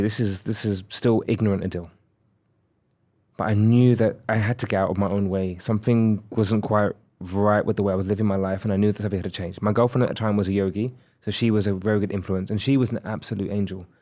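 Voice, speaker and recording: A man in his thirties, appearing on a podcast, shares a personal story with candid reflection, acting out other people's lines whenever he quotes dialogue. His fairly low voice has a darkish tone, a quick pace and fairly even intonation.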